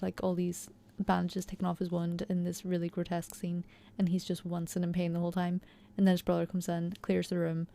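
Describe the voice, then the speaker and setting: A woman's voice: lowish voice, gravelly, warm tone. A young woman giving a chatty, enthusiastic recap and analysis of a TV episode, peppered with fillers. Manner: chatty, enthusiastic, heavy use of fillers like "you know" and "like". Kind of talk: casual recap and commentary.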